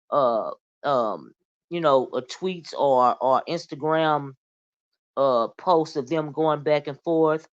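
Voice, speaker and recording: A woman hosting casual gossip commentary, chatty and animated, often calling the listener "child" and "honey". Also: low voice, muffled recording. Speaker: commentary vlogger.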